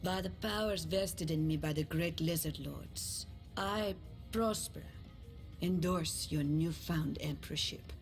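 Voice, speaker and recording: An actress playing a cool, reasoned dragon noblewoman in a video game, speaking in a measured, lofty way. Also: deep voice, faint music behind.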